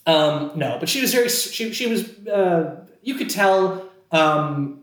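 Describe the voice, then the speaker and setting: Rambling man with a higher voice. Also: expressive, a little slow, a bit bright, roomy sound. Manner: rambling, heavy on "like" and restarts. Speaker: podcast co-host telling a story. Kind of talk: casual storytelling.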